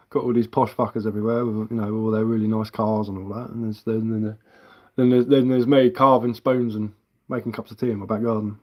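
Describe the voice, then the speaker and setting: A man's voice: on the low side, fairly even intonation, brisk, darkish tone. A middle-aged man talks loosely on a live stream, circling back on his words as he goes. He swears without a second thought and breaks into laughter often. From England. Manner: rambling, swears freely, laughs often, frequent restarts. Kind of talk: casual live-stream chat.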